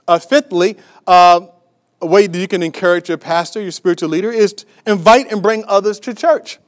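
A man's voice: high-pitched, brisk. A man preaching a sermon as a pastor, emphatic and repetitive, with many restarts and fillers, asking the congregation rhetorical questions.

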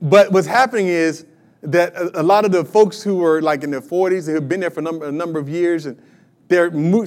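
A pastor in his fifties preaches with lively energy, his voice sitting high for a man. He keeps drawing the congregation in by asking them questions.

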